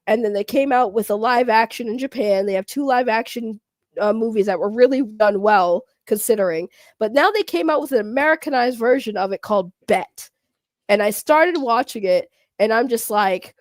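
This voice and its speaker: A woman hosting a casual podcast, ranting and teasing in an animated way. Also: on the high side, moderate pace, no room sound, clean studio sound. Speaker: podcast host. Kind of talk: casual rant chat.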